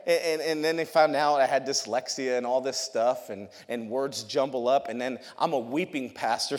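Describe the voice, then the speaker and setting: Man preaching a lively testimony in reverberant church. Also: fairly high pitch. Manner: lively storytelling, laughs often, repeats words. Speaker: youth pastor. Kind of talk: testimony sermon to a congregation. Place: church sanctuary. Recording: long hall reverb.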